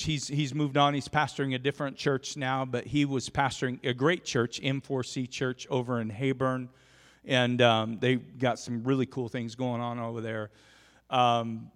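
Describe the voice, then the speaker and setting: A man preaching a sermon as a pastor, telling a story with lively swings from quiet asides to shouting. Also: mid-range voice. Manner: animated, shouts in storytelling peaks. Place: church sanctuary. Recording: long church reverb.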